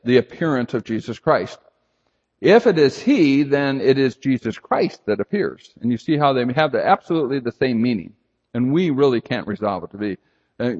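Older male pastor, earnest and emphatic, husky voice, long hall echo, dull lo-fi sound. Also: medium pitch. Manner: earnest, emphatic, shifts to loud urgent pleading. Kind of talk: expository sermon.

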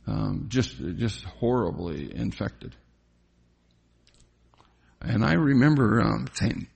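Older guy telling a church testimony, deep-ish gravelly husky voice, lots of ums. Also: sing-song, a little mellow. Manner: reflective storytelling, halting with fillers. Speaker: testimony speaker. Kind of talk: personal faith testimony.

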